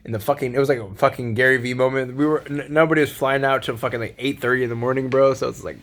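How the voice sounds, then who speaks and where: A man's voice: mid-range voice, steady tone, quick pace, hardly any pauses, fairly bright tone. A man giving a casual late-night monologue, rambling and profane with laid-back slang, often laughing as he talks. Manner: laughs often while talking. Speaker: solo vlogger.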